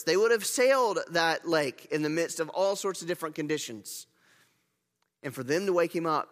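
A man's voice: a little high, a bit bright, big-room sound. A man preaching a sermon in a church, talking in a conversational, emphatic way with frequent restarts and self-corrections. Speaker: pastor.

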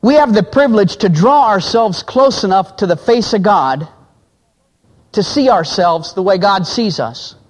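A man's voice: lively intonation, a little slow, long reverb tail. A man preaching, telling illustration stories and acting out the quoted voices of the people in them. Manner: acts out quoted voices, drops low for men's lines. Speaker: pastor. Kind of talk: sermon illustration storytelling.

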